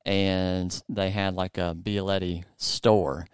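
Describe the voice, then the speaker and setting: A man's voice: deep voice, little pitch movement, takes it slowly, clear, resonant tone, no echo, studio quality. A male podcast host from the United States chatting casually, rambling with many fillers and restarts. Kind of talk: casual interview chat.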